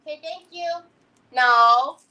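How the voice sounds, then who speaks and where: A woman with a high, bright voice hosts a crafting livestream, talking at an unhurried pace. She keeps up a playful, teasing banter, fondly scolding a pet that keeps getting in her way. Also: muffled recording. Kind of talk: casual chat.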